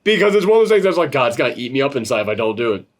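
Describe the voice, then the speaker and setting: A man's voice: mid-range voice, big pitch swings, racing. A man hosting a casual film-review chat, rambling and swearing freely. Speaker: podcast host reviewing a film.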